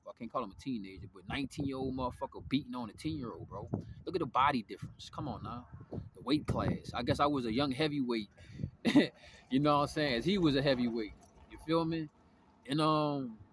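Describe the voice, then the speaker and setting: A young man telling a story in a rambling, profane monologue, full of slang and restarts. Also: medium pitch. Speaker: vlogger. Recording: noisy background.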